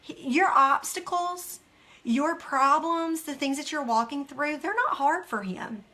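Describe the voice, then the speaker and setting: A woman's voice: high-pitched, expressive, measured pace, bright, forceful tone. A woman hosting a devotional study, speaking earnestly and emphatically to viewers and reading scripture aloud.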